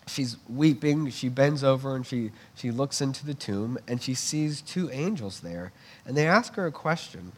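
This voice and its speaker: A man giving a sermon, teaching earnestly in a conversational way with frequent restarts. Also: mid-range voice. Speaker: preacher.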